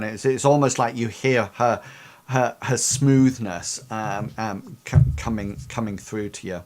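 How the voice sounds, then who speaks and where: A man's voice: medium pitch, steady tone, a little slow. A man narrating as game master of a tabletop game, hesitant, full of fillers and restarts.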